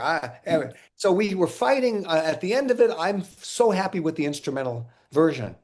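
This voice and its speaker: A man being interviewed, telling casual stories in an animated way, acting out quotes and often laughing. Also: fairly high pitch, a little fast. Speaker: interview guest, musician.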